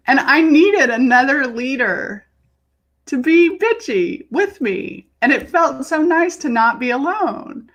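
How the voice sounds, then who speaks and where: A woman's voice: sits high, animated, takes it slowly, a bit bright, highs cut off. A woman leadership coach speaking candidly and emotionally in a personal vlog, swearing casually and acting out quotes from herself and friends.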